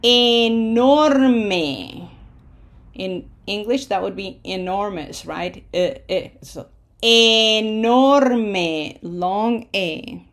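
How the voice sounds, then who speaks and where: Slow, patient woman teaching pronunciation. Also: on the low side, fairly even intonation, gravelly. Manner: drawn-out syllable-by-syllable modeling of words; patient, checks in often with "okay?" and "right?".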